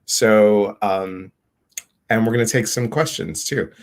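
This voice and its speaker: A man's voice: lowish voice, takes it slowly. Bubbly man greeting live viewers. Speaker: host of a live stream. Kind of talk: casual live-stream hosting.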